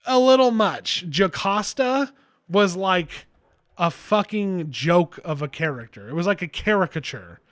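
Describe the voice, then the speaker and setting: A man with a fairly high voice co-hosts a casual movie podcast. He rambles loosely, swears freely and restarts his sentences as his thoughts catch up. The talk is relaxed, off-the-cuff review chatter. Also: measured pace. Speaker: podcast co-host.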